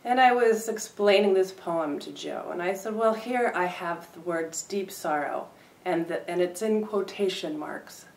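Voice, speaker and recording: Lady reading her poems slow and dry, kinda far from the mic, room echoes. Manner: low-key, wry and reflective. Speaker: poet. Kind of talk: poetry reading with spoken asides. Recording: roomy sound from a distant mic.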